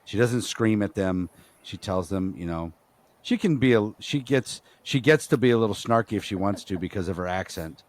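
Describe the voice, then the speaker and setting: A man's voice: lowish voice, expressive, normal speed, a little mellow, no echo. A man co-hosting a podcast, talking casually and rambling with frequent fillers. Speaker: podcast co-host.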